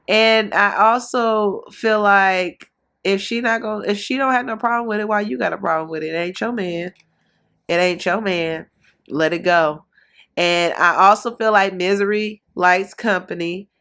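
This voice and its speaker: A woman delivers casual reaction commentary on a reality show, blunt and full of gossip. Her voice sits in a middle pitch range, and she talks with lively, animated emphasis.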